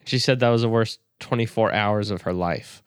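A man's voice: on the low side, normal speed, smooth, dry recording, clean studio sound. A man, co-hosting a podcast in crude, joking casual banter. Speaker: podcast co-host. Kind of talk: casual chat.

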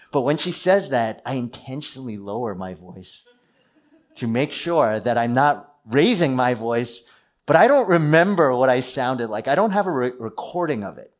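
A man preaching a sermon, earnest, with personal stories and questions to the listeners. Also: medium pitch. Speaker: pastor.

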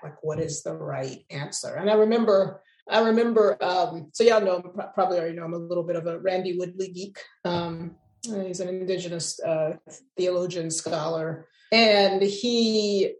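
A woman's voice: fairly low pitch, darkish tone, echoey room, low-quality recording. A woman helping lead an online class, talking reflectively and with enthusiasm. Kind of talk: casual class discussion.

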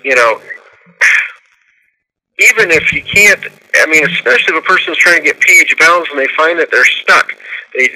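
A man on a radio talk show, walking listeners through a routine step by step and counting aloud. His voice sits a bit high and rings very bright and forceful. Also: rough recording. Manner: explains step by step, counting out loud.

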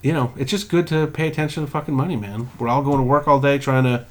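A man's voice: medium pitch, fast talker. A young man co-hosting a podcast, chatting casually and telling stories with lots of swearing and acted-out quotes. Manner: profane, animated storytelling with put-on quotes. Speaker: podcast co-host. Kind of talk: casual chat.

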